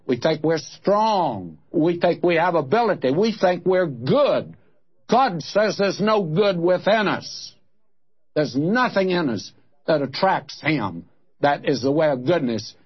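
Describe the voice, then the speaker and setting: A man's voice: fairly high pitch, breathy edge, muffled recording. An older man teaching a folksy, plain-spoken sermon full of rhetorical questions, recorded from an old radio broadcast.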